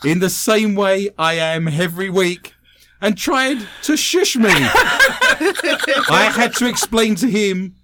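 Male podcast host, wry and teasing, lively pitch, reads listener mail for laughs. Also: slow, very noisy. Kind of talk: comedic podcast chat, reading listener messages.

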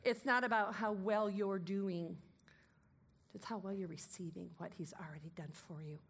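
A woman preaching a sermon, emphatic and commanding, moving between loud declarations and softer asides. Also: mid-range voice, steady tone, normal speed, husky.

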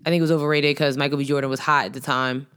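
A woman with a notably low voice, chatting casually with a friend. She argues her points playfully and emphatically, full of energy. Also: racing, clean tone. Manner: emphatic, animated, playful debating. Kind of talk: casual chat.

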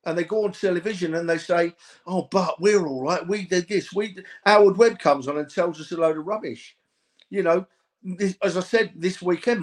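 An older man in his sixties or seventies, a podcast co-host giving an emotional, exasperated rant about football refereeing. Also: sits high. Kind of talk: impassioned rant.

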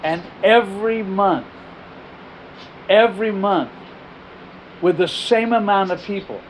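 Animated middle-aged male pastor, slightly high. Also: slow pace, slight background noise, low-quality recording. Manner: animated, repeats and restarts phrases. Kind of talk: storytelling sermon.

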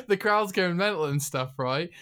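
A man from Norwich with a Norfolk accent co-hosting a casual chat show, animated and quick to laugh and do voices. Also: high voice, a loud crowd. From Norwich, England. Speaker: podcast co-host.

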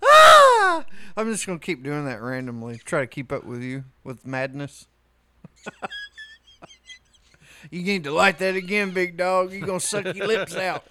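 A man's voice: fairly high pitch, moderate pace, long pauses, fairly bright tone, slight background noise. A man co-hosting a podcast in casual chat, teasing and wisecracking. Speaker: podcast co-host.

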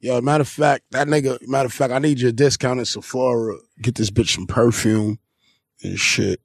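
A man hosting a podcast, telling stories in an animated, joking way. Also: medium pitch, moderate pace, vocal fry, no room sound, clean studio sound. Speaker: podcast host. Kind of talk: casual interview banter.

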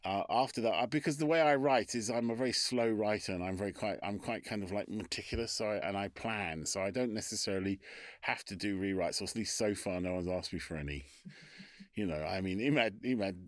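A male author with a North London accent, chatting in an interview in a chatty, self-deprecating way with quick asides. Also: lowish voice, no echo, studio quality. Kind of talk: casual interview chat.

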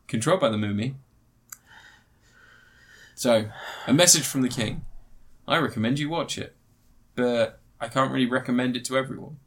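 A man's voice: medium pitch, a bit bright. A man hosting a podcast, tired and yawning, rambling through a film review with lots of fillers, restarts and swearing. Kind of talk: casual chat.

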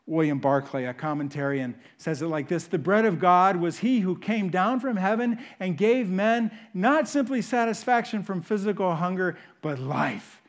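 A man preaching a sermon, swinging between loud emphatic bursts and hushed, intimate asides. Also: sits high, moderate pace. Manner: animated, rises loud for emphasis then drops to hushed. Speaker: pastor. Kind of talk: sermon teaching.

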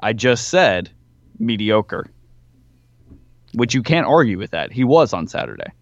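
A man's voice: fairly low pitch, very animated, a little slow, dry recording, muffled recording. A man co-hosting a sports podcast, talking in a laid-back, matter-of-fact way. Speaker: podcast co-host. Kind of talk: casual sports chat.

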